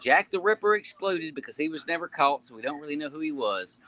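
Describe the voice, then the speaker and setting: Sex: man. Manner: bright, rambling, on a video call. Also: on the high side, animated, fast talker. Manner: rambling, folksy phrasing. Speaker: podcast co-host. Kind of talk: casual chat.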